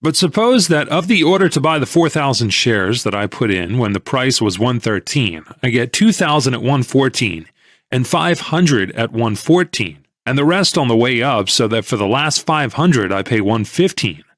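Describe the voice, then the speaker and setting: Expressive male audiobook narrator. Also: medium pitch, normal speed, no room sound, studio quality. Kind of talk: first-person audiobook reading.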